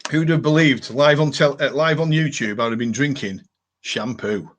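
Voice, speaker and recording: A man's voice: medium pitch, normal speed, a bit bright, a little hiss or hum. Live stream host, male, chatty and rambling, lots of ums and restarts. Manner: rambling, many fillers and restarts. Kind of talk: casual live chat reading viewer comments.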